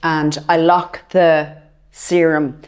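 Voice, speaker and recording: Woman in her fifties, lowish voice, casual chat, chatty storyteller, fillers. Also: level tone, slow. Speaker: co-host.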